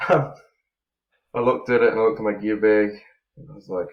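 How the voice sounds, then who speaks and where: A man's voice: lowish voice, fairly even intonation, brisk, phone-quality sound. A man, a motocross rider chatting casually as a podcast guest, rambling with lots of fillers. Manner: laid-back, rambling, many fillers. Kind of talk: casual chat. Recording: roomy echo.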